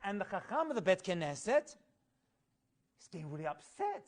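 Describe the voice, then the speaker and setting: Speaking at a moderate pace with frequent pauses, a high-pitched middle-aged rabbi tells stories in an energetic Torah class. He sings quoted Hebrew phrases and sprinkles in humorous remarks.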